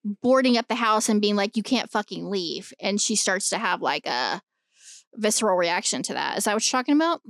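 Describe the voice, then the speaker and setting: A woman co-hosting a podcast in casual chat, animated and swearing freely as she argues her point. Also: mid-range voice, fairly quick, dry recording, studio quality. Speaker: podcast co-host.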